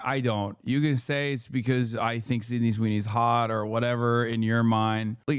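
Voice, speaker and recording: A man's voice: mid-range voice, clean tone, no echo, studio quality. A male streamer giving sarcastic, profane commentary in a casual live-stream style.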